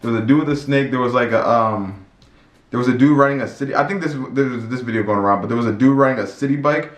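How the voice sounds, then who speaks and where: A man vlogging in a casual, storytelling way, excitable and rambling, with many restarts and repeated words. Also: medium pitch, fast talker. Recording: echoey room with faint music.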